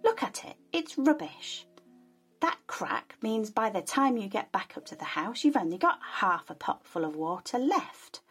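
A grumpy little clay pot whines and grumbles, as a woman storyteller puts him on. He talks slowly and scornfully, going shrill when he sneers, with faint music behind. It sounds like a gentle storybook read aloud. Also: sing-song, breathy edge, heavily acted. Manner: complaining, scornful.

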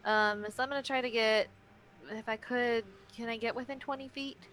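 A woman playing in a tabletop game, casual and quick to laugh. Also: fairly high pitch, fairly even intonation, a bit bright. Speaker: player.

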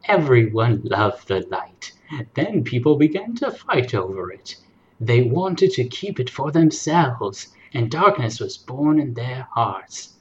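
A man voicing a gentle old grandmother who slowly tells a storybook legend. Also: medium pitch, very animated, dull audio, a little hiss or hum. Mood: solemn. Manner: slow, soft storytelling cadence.

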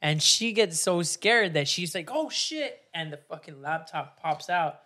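A man's voice: on the high side, measured pace. A man co-hosting a podcast who tells a casual story to friends, swearing freely and acting out the people he quotes. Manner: profane, animated, acts out quoted people. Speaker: podcast co-host.

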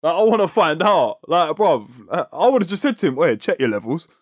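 A man's voice: on the high side, sing-song, brisk, no room sound, studio quality. A man co-hosting a casual podcast, talking in a laid-back, slangy way. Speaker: podcast co-host.

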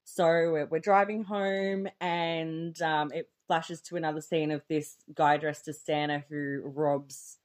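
A woman's voice: low-pitched, little pitch movement, slow pace, few pauses. A woman casually recapping a horror film as a podcast co-host, telling the story with a laid-back, joking manner. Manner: laid-back storytelling, reads from notes, frequent laughs. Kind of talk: casual movie recap chat.

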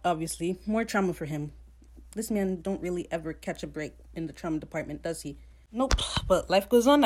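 Profane, animated woman recapping a show. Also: fairly low pitch. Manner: blunt, profane, animated, slips into quick voices for characters. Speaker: podcast host recapping a TV episode. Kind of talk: casual episode recap.

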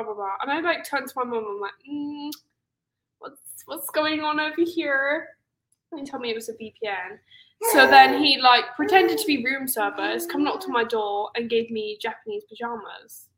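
Young British woman, high voice, very bright tone, casual podcast chat, laughs a lot. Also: a little fast, low-quality recording. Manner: animated, laughs often, acts out quotes. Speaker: podcast co-host.

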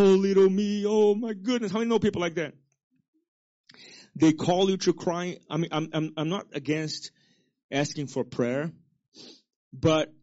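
A male pastor preaching a sermon with call-and-response to the congregation, swinging between loud exhortation and soft low asides. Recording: dull lo-fi sermon recording.

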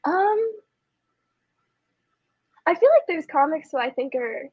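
A woman's voice: high voice, big pitch swings, slow pace, no echo, lo-fi sound. A woman guesting on a podcast, speaking hesitantly with many fillers and giggling often. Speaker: podcast guest, comic and scientist. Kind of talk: casual chat.

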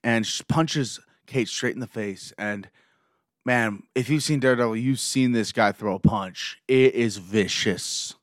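A man excitedly recapping a show episode scene by scene, gushing like a fan. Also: mid-range voice, a little slow, no room sound, clean studio sound.

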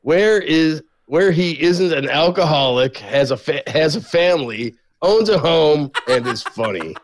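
A man co-hosting a live stream, reading viewer gifts and messages aloud in a relaxed way and laughing along. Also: a little high, measured pace. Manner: reads names and donations in a plain, laid-back way, laughs often. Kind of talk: casual live-stream banter.

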